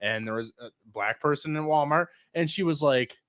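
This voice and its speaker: A man in his thirties co-hosting a comedy podcast, telling stories in casual chat with sudden loud outbursts. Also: on the high side, moderate pace, no echo, studio quality. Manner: animated, loud outbursts when retelling stories. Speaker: podcast co-host.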